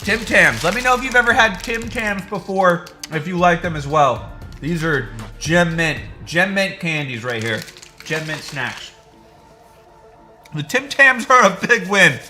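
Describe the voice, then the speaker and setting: A young man hosting a casual livestream, excitedly greeting chat viewers by name and hyping things up as he talks. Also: sits high, moderate pace, faint music behind. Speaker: livestream host.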